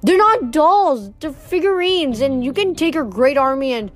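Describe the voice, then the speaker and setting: A woman reading aloud, voicing an eager, touchy young boy who quickly corrects others. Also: high voice, lively intonation, soft background music, pitched above the performer's own voice. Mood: indignant.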